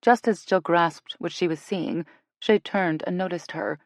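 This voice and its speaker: A woman narrating a romance audiobook in an expressive reading voice. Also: lowish voice, measured pace, no room sound, clean studio sound. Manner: expressive, switches between characters. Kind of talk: scripted narration.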